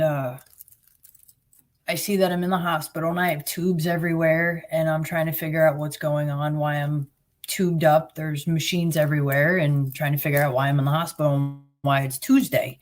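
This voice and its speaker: A middle-aged woman from New Jersey with a Jersey accent, bluntly and sarcastically telling her own story as a guest. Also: sits low. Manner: blunt, sarcastic, plain-spoken. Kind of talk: personal storytelling.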